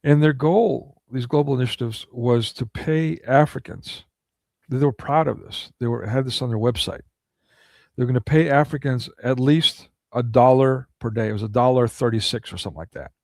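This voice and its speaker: A man's voice: mid-range voice, moderate pace, gravelly, dry recording. A man delivering a ranting monologue of political commentary, indignant and full of rhetorical questions.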